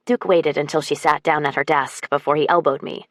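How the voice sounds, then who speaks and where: A woman narrating a first-person romance audiobook with an expressive, wry delivery. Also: sits low, fairly quick, hardly any pauses, no room sound, clean studio sound.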